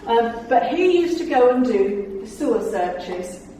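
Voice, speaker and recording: A woman's voice: on the high side, very animated, measured pace, dark tone, a little hiss or hum. Woman, middle-aged, chatty theatrical storyteller, humorous club talk, very echoey room, distant mic. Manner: chatty, theatrical storyteller who laughs often. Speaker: guest speaker, former tour guide.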